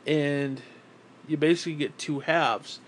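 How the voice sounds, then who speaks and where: A man's voice: fairly high pitch, steady tone, a little slow. Rambling, swearing man at home. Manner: swearing, rambling, baby talk to his pet. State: broke and frustrated. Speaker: vlogger. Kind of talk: rambling casual monologue to camera.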